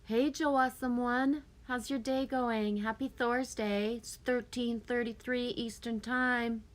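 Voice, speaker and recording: A woman's voice: fairly high pitch, steady tone, a little slow. A woman hosting a casual live stream, chatting with viewers, reading their comments aloud and laughing often.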